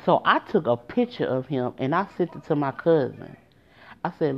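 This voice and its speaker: A young woman with a notably deep voice recounts a personal story in casual vlog style. She talks straight to her viewers, stressing her points and cursing freely. The audio sounds muffled and lo-fi. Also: big pitch swings, normal speed, creaky. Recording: dull lo-fi audio.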